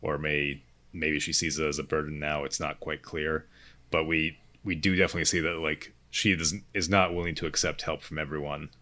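A man's voice: very deep voice, flat delivery, brisk, sharp tone. A man co-hosting a casual podcast, talking in a hesitant, hedging way with many restarts. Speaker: podcast co-host. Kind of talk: casual movie review chat.

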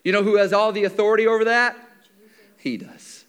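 Animated high-voiced male preacher. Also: fairly quick, smooth. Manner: animated storytelling, swings from shouts to near-whispers; acts out the characters' lines. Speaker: pastor. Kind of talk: sermon.

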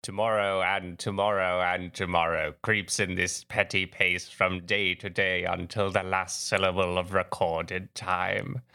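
A man's voice: low-pitched, flat delivery, measured pace, vocal fry, hardly any pauses, pushed and bright, clean tone, full character voice. A man reciting as a despairing Macbeth in a put-on Scottish accent, with theatrical delivery. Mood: grave. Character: a brooding Macbeth reciting his despairing soliloquy.

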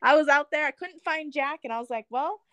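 A woman's voice: high voice, fairly quick, fairly bright tone, no echo. A woman in casual conversation, telling a personal story with frequent laughs and free swearing. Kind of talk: casual chat.

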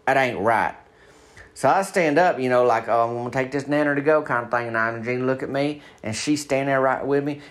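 A man telling a long comic story in a folksy, deadpan way, sometimes slowing down to spell things out. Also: mid-range voice.

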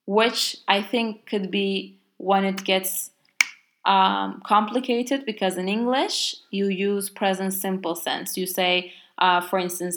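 Woman, Turkish accent, native Turkish speaker, casual language lesson, unhurried delivery, mid-pitched voice. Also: fairly bright tone. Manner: explains slowly with many fillers, exaggerates stress on example words. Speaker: language teacher.

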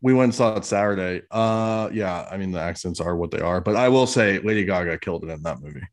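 A man's voice: low voice, fast. A man chatting casually, blunt and given to swearing. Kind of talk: casual chat.

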